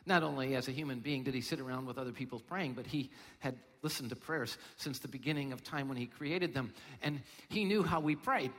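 A male pastor preaching a sermon, firing off rhetorical questions and then dropping to a soft, low voice. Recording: long reverb of a large hall.

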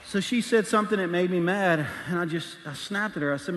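A middle-aged man preaching a sermon as a pastor, telling a personal story candidly and acting out the voices in quick bursts. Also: high voice, fairly bright tone. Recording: large hall reverb.

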